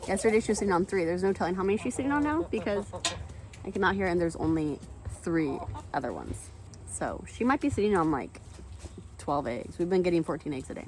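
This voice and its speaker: Woman, thirties, casual home vlog, lively up-and-down pitch, faint outdoor noise behind. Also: brisk. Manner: chatty and animated, jumping up high when talking to animals and kids. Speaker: vlogger, mother of eight. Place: outdoors in a backyard chicken coop and kitchen.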